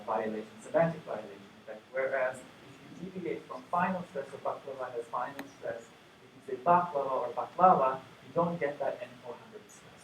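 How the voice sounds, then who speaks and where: Guy giving a conference talk, kinda high voice, chatty and dry, mic picks him up from across the room. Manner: explains in a relaxed, conversational way with dry asides. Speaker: conference plenary speaker. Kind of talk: academic lecture. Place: lecture room. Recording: echoey room from far off, faint hum.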